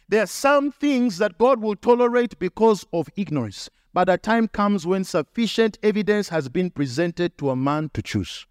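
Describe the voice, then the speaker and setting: High-pitched guy preaching hard, repeats lines for punch, close dry mic. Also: lively intonation, normal speed, hardly any pauses, smooth, no echo. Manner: emphatic preaching with repetition and acted quotes. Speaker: pastor. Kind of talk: sermon.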